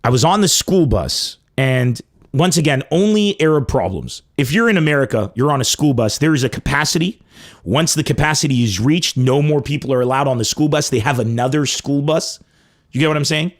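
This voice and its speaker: A man from Lebanon telling a crude comic story with animated, profane emphasis. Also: medium pitch, fairly quick. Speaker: comedian host. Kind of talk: comedic storytelling.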